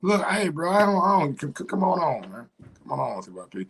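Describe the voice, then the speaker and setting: A man's voice: fairly high pitch, very animated, brisk, vocal fry, background noise. Frustrated cursing livestream host, man. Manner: frustrated, profane, repeats himself. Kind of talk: casual livestream chat.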